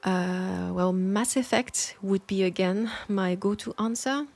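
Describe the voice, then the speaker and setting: A woman with a French accent, an audio roleplay creator answering listener questions in a thoughtful, soft-spoken way with hesitant pauses. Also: medium pitch, gravelly. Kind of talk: Q&A talk.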